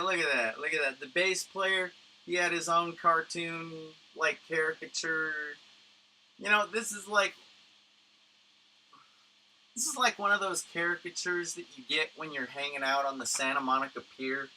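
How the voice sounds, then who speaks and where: A man's voice: a little high, pushed and bright, slight background noise, low-quality recording. A man from Tucson hosting a livestream, chatting casually in a profane, rambling way with lots of fillers, into a studio condenser mic. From Tucson, Arizona, USA. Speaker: livestream host. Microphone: studio condenser microphone.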